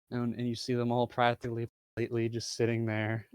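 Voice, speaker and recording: A man narrating as game master of a tabletop game, halting with many fillers. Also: mid-range voice, clean tone, dry recording.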